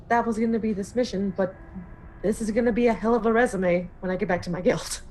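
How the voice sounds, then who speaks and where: An eager, self-deprecating young adventurer, played by a woman in a tabletop role-play game. She talks quickly in a sheepish, giggly way, at a middling pitch. Faint noise sits under her voice. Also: darkish tone, close to an everyday voice, low-quality recording.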